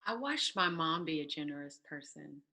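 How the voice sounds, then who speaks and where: A woman's voice: low-pitched, animated, moderate pace, vocal fry, bright, forceful tone. A woman in her thirties giving a candid personal testimony, telling her story with animation and acting out the voices of others. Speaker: interview guest.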